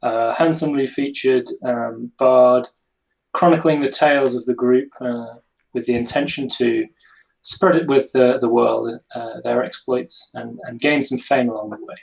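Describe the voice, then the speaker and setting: A man on a video call describing his bard character, halting and full of fillers. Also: medium pitch, steady tone, gravelly, rough recording. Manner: hesitant, halting, many fillers. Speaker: player. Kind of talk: casual chat.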